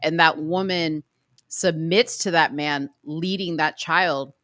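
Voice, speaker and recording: Woman, co-host, casual reaction chat, opinionated, slangy, low voice, dry sound. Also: fairly even intonation, slow pace, fairly bright tone, dry recording.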